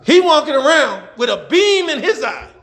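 Animated high-voiced pastor preaching. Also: male voice, normal speed, vocal fry, roomy sound. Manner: animated, laughing, shouting at times. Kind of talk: sermon. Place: church.

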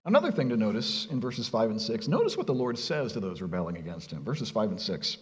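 A male pastor preaching a sermon in a conversational, animated way, asking his listeners rhetorical questions and speaking casually with them. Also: fairly low pitch, quick pace. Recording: long reverb of a large hall.

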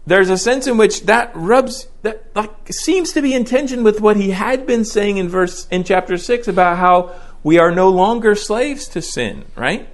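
A man's voice: high voice, expressive, moderate pace. A man preaching through a Bible passage, explaining it step by step and often checking in with a rhetorical "right?". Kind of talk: expository Bible teaching.

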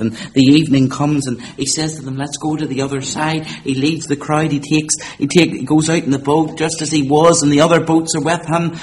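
A man preaching a sermon, swinging from loud, high-pitched exhortation to quiet, slow, low emphasis. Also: fairly even intonation.

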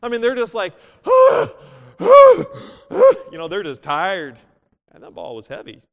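A male pastor preaching a sermon, moving from loud exclamations to quiet asides and reading scripture in older biblical wording. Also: high-pitched, big pitch swings, brisk, lo-fi sound. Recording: long hall reverb.

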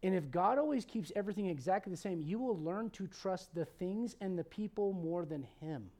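High-voiced pastor preaching with loud emphasis. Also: male voice, expressive, moderate pace. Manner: conversational preaching, swings between loud emphasis and quiet asides; humorous, asks the congregation questions. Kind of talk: sermon.

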